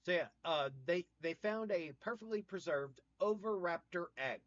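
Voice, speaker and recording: A man's voice: high voice, expressive, normal speed. A man from the American South who hosts a casual livestream, joking, trading puns and greeting viewers by name. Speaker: livestream host. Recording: slightly muffled dry mic.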